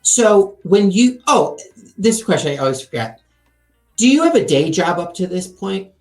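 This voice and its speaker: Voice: medium pitch, big pitch swings, moderate pace, darkish tone. Podcast host asking questions in a roomy space. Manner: short encouraging replies and follow-up questions. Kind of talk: casual interview. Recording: roomy with faint music behind.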